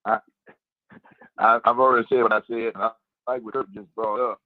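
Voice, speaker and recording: A man's voice: mid-range voice, flat delivery, a little fast, no echo. Brief: male phone caller, emphatic and opinionated, tinny phone line. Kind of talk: casual call-in radio chat.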